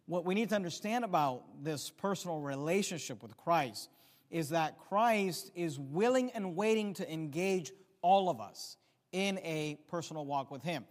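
A man's voice: on the high side, lively intonation, normal speed. A man preaching a sermon, emphatic, repeating key phrases and rising in volume to stress points. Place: church sanctuary. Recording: long reverb of a hall.

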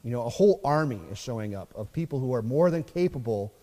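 A man's voice: mid-range voice, animated, fast talker, dark tone. Man preaching in a reverberant hall. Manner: conversational preaching with many fillers, reads scripture aloud. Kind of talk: sermon. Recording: long reverb of a church hall.

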